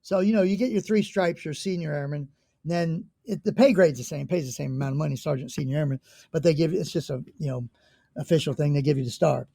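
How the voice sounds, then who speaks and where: Gravelly older American storyteller. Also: male voice, on the high side, fast talker, no echo, clean studio sound. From United States. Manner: animated, swears casually, acts out the people in his stories. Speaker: guest. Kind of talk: conversational storytelling.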